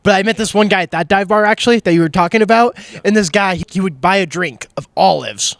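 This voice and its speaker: A high-voiced man hosts a casual comedy podcast, talking fast and laughing often. His questions come quickly between stories, and the sound is dry and close. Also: creaky, fairly bright tone, dry recording. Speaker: podcast host.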